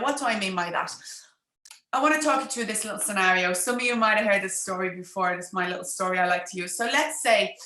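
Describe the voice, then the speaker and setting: A woman business coach talking quickly and chattily on a livestream, speaking straight to her viewers. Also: medium pitch, sharp tone, echoey room. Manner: fast-talking, chatty, addresses viewers directly. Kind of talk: live-streamed social media coaching talk.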